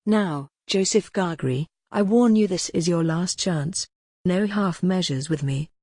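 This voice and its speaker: A stern, blunt male lawyer from a classic novel audiobook, voiced by a synthetic woman. The delivery is low-pitched and even. The recording is dry and close. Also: measured pace, no echo. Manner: even, machine-read delivery.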